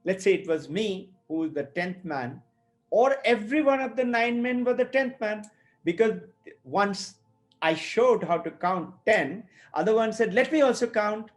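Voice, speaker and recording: A man's voice: sits high, measured pace. A man teaching scripture, telling stories and acting out the people in them. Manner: storytelling, acts out quoted speakers. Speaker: spiritual teacher. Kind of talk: explanatory talk on scripture.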